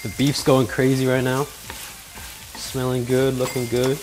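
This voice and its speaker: A man hosting a casual cooking vlog in a home kitchen, talking in a joking, self-mocking way with sudden loud outbursts. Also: medium pitch, completely flat delivery, unhurried. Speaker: cooking video host.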